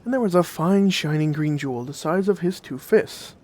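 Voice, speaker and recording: A man's voice: on the high side, moderate pace. Man telling old folk tales by the fire. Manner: gentle, old-fashioned fireside telling. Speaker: storyteller. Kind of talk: storybook narration of folk tales.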